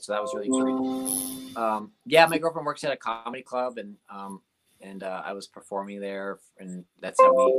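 In a casual interview, a young comedian with a fairly low, fairly bright voice recounts stories from his shows. His guest spot is rambling and packed with "like" and filler words.

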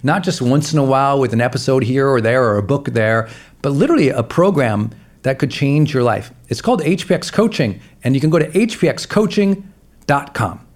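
A man's voice: medium pitch, lively intonation, brisk. A man hosting a podcast, thanking listeners and earnestly asking them to join his program. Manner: earnest, warm thanks, direct appeal to listeners. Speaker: podcast host. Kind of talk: podcast outro and promo. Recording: soft music behind.

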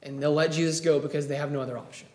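Male preacher with a high voice, vivid storyteller, recorded in an echoey room. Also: steady tone, racing, a little mellow. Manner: storytelling, acts out quoted lines. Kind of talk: sermon.

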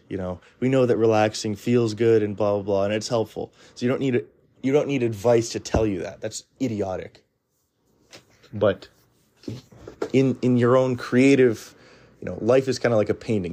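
A man talks through his opinions in a loose, blunt monologue, stumbling over restarts and filling gaps with "you know." His voice sits fairly low with a warm, mellow tone.

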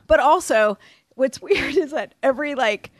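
A woman's voice: high voice, no echo, clean studio sound. A woman co-hosting a sports podcast, teasing her co-hosts and chatting casually about football. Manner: teasing, quick asides. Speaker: podcast co-host.

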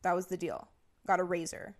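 A woman's voice: lowish voice, level tone, moderate pace. Chatty young woman telling sister stories. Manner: chatty storytelling, heavy use of "like"; acts out quotes in raised voices. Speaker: podcast co-host. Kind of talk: casual chat.

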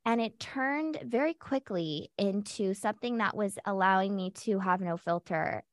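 A woman's voice: mid-range voice, normal speed, no room sound. A woman guest on a podcast, candidly and heartfelt telling her own story with lots of casual fillers.

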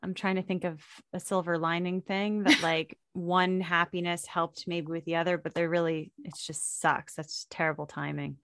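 Low-voiced woman interviewer, dry sound. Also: little pitch movement, moderate pace, few pauses, a bit bright, clean tone, no echo. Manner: supportive, short affirmations and playful interjections. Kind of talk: casual interview.

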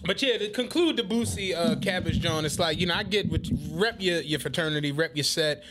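An American man co-hosting a podcast, an animated storyteller who acts out the quotes in casual banter. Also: on the high side, a little fast, noisy background. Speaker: podcast co-host. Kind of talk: casual chat.

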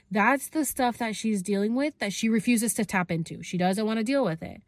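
A woman's voice: fairly high pitch, brisk, few pauses, dry recording, clean studio sound. A woman vlogger telling a personal story in a casual, rambling way, full of fillers and restarts and the odd burst of swearing.

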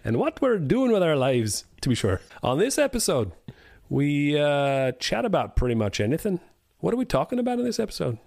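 A high, sing-song mock Irish voice from a man hamming it up, gravelly undertone. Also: very animated, fairly quick, a little mellow, no echo, studio quality, exaggerated voice. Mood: playful.

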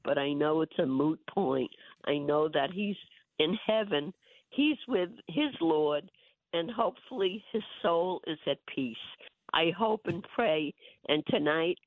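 An older woman calling in on the phone, hoarse from bronchitis, talking in a feisty, emphatic way. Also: sits low, no echo. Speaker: host's mother calling in. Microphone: phone line. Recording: tinny phone line.

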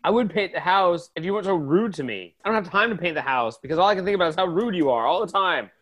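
A man's voice: high-pitched, lively intonation, fast talker, a bit bright. A man playing a touchy, resentful house painter who bickers in a whiny, aggrieved way, in improv comedy.

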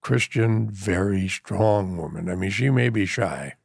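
Older guy, gravelly and a bit husky, folksy easygoing chat, dry close sound. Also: low-pitched, a little mellow, no room sound. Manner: earnest, folksy, talks in quick bursts. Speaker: podcast guest, the host's father. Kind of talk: casual chat.

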